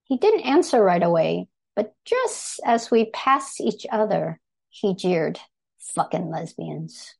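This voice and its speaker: Brief: older woman from Thailand, measured read-aloud to a live audience, gravelly edge. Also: medium pitch, sing-song. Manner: measured, deliberate reading with small self-corrections. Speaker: speaker reading a personal essay.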